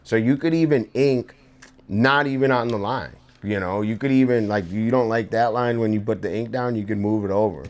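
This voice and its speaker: In a room at home, a young streamer-artist keeps up casual chatter while drawing, rambling through an anecdote thick with fillers and profanity. The voice is on the low side and a little mellow, at a normal pace.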